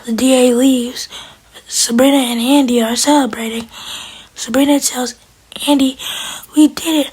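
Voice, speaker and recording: A woman recapping a TV episode in a breathy whisper. She retells each scene with quick "she's like" quotes and drops in sassy side comments. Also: a little high, darkish tone, poor audio. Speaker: TV episode reviewer.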